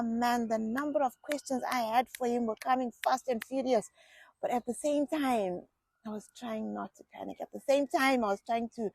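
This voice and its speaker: Chatty middle-aged woman, gravelly voice. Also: on the high side, no echo. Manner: chatty, animated storyteller who repeats herself. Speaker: vlogger. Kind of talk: casual personal storytelling.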